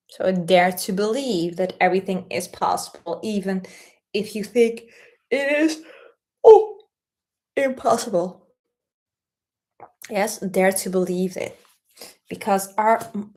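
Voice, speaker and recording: A woman hosting a casual spell-craft tutorial, explaining things in a gentle, unhurried way. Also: mid-range voice. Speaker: spiritual content host.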